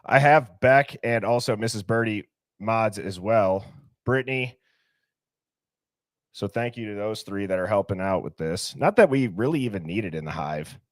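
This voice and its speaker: A man's voice: fairly low pitch, lively intonation, normal speed, no echo, studio quality. A man hosting a livestream, greeting viewers by name and reading their comments in a casual, upbeat way. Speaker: livestream host.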